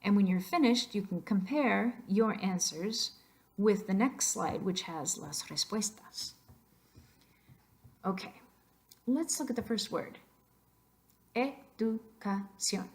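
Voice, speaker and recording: A young adult woman, a Spanish teacher, narrating a slide lecture and explaining accent rules, switching between English and Spanish with soft asides. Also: medium pitch, animated, normal speed.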